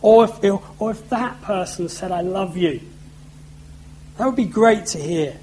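A man's voice: high-pitched, a little slow, darkish tone, slight background noise, low-quality recording. A man preaching a sermon in a conversational way, with self-deprecating humor.

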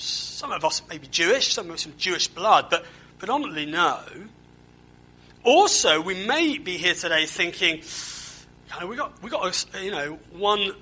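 A man's voice: high voice, pushed and bright, slightly rough, low-quality recording. A man preaching a conversational sermon, asking the congregation questions and often repeating words as he goes. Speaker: pastor.

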